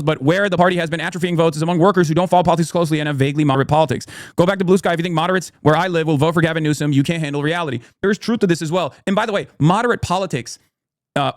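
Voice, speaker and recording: A man's voice: fairly high pitch, no echo, studio quality. A man ranting through combative, profane political commentary on a live stream.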